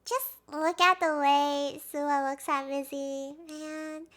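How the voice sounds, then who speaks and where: A young woman doing casual video commentary as a fan, rambling and emotional, swinging between hushed talk and excited outbursts. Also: high-pitched, takes it slowly, hardly any pauses, music in the background. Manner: rambling, with fillers and restarts.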